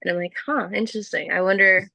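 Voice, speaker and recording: Bright, dry-sounding woman telling a story. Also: medium pitch, quick pace, creaky, no echo, rough recording. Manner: storytelling, animated quoting. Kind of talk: casual podcast chat.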